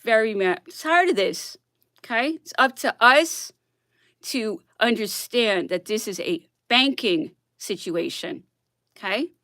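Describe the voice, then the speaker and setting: A woman's voice: on the high side, expressive, takes it slowly, fairly bright tone, no room sound, studio quality. A woman blogger on a casual, worked-up rant who keeps asking "okay?" and laughs between her points.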